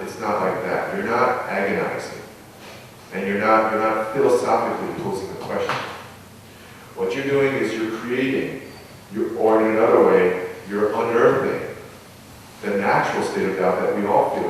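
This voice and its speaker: A man, a Buddhist monk, giving a dharma talk on meditation in a measured, pausing, reflective way, heard from a distance in a large hall. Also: on the low side, a little hiss or hum. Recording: echoey hall, mic far off.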